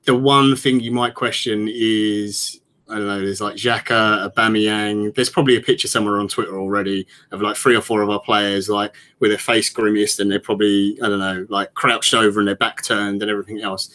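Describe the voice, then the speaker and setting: A man's voice: lowish voice, little pitch movement, brisk, sharp tone. Rambling male football pundit. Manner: rambling, many fillers and restarts. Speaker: podcast pundit. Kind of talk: casual football analysis.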